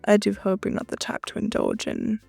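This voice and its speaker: A woman's voice: medium pitch, huge pitch swings, brisk, gravelly, a little mellow, husky, dry recording, faint music behind, heavily acted. Alastor, a woman doing a suave radio demon. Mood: teasing. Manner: suave, courtly and teasing. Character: smug charming old-fashioned male radio demon.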